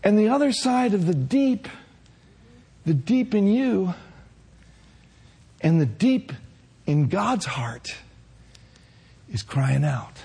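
A male pastor preaching an impassioned sermon with a hoarse voice, swinging from soft to shouting. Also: sits high, big pitch swings, slow, pauses often.

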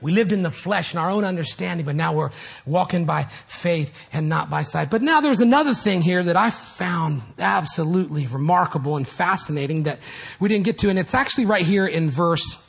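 A man preaching a sermon as pastor, animated and rising to loud shouts at times. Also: sits high, moderate pace, vocal fry, husky.

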